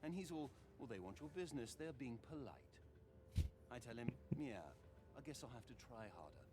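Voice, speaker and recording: An actor playing a relaxed, smooth-talking male treasure thief who tells stories with dry humor. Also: mid-range voice, normal speed, background noise, lightly acted. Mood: wry. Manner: wry storytelling, dry humor. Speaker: game character. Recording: game audio with loud ambience.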